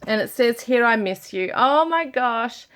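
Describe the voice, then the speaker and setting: A woman's voice: a little high, expressive, measured pace, a bit bright, slight background noise. A woman giving a channelled tarot reading, overcome with emotion, close to tears and full of sighs and exclamations. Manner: emotional, breaking up and near tears; gushing, many sighs and exclamations. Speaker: tarot reader.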